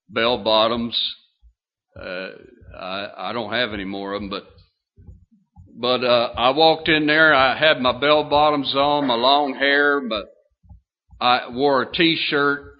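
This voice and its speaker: An older man in his sixties preaching a sermon, telling a folksy story with drawn-out phrases and many fillers. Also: medium pitch, highs cut off. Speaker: pastor.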